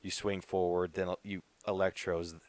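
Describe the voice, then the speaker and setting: Low-voiced young guy, rambling. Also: flat delivery, moderate pace, no room sound. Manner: rambling, lots of "like" fillers. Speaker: podcast co-host. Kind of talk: casual chat.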